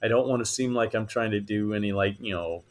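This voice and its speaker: A man's voice: lowish voice, brisk. A man, an actor, telling stories in a podcast interview, laughing often and acting out the voices he quotes. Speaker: actor and voice actor guest. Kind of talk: animated storytelling in conversation.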